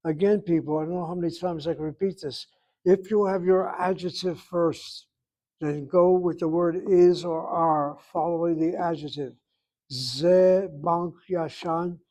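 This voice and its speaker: A man's voice: a little high, fairly even intonation, unhurried, darkish tone. A man teaching a Hebrew class, emphatic and repetitive, correcting students and thinking aloud over spelling.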